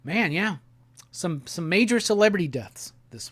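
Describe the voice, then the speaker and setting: A man hosting a casual live stream. He talks in a laid-back, slangy way and reads viewer comments aloud in quick bursts. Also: high voice, lively intonation, a bit bright, slightly rough, no room sound. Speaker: livestream host. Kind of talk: casual livestream chat, reading viewer comments.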